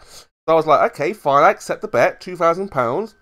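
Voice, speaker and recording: A man's voice: a little high, expressive, brisk, fairly bright tone. A man in a heated online debate, indignantly retelling a bet and demanding payment. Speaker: panelist.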